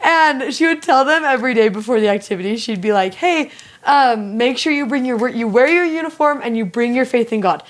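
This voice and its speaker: A young woman talks through scripture in a relaxed, conversational way, full of "like" fillers and lively storytelling. Her voice sits a bit high for a woman, and she sounds like a co-host chatting on a faith-study show. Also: fairly quick. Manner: animated storyteller, frequent "like" fillers. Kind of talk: casual scripture discussion.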